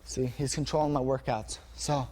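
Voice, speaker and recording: A man teaching striking combinations as a martial arts instructor, demonstrating energetically and marking each punch with a sharp "bang". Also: mid-range voice, normal speed. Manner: energetic, punctuates moves with "bang". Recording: noisy gym recording.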